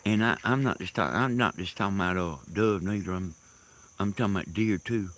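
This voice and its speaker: A man telling rambling stories in a casual monologue, halting and laughing loudly at his own tales, recorded outdoors in the countryside. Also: sits low. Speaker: host. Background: crickets and insects.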